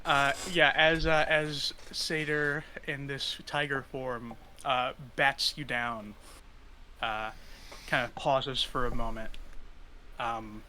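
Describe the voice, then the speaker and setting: A man's voice: medium pitch, fairly even intonation, slow, bright, forceful tone, a little hiss or hum. A man playing a tabletop game, describing his character's moves hesitantly with many fillers. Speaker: player.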